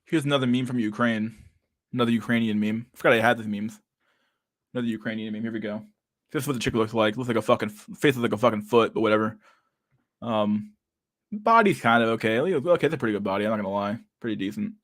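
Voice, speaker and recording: A man's voice: lowish voice, quick pace, no room sound, clean studio sound. A young man from Canada, rambling and swearing casually as the host of a livestream chat. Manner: rambling, profane, laughs at memes.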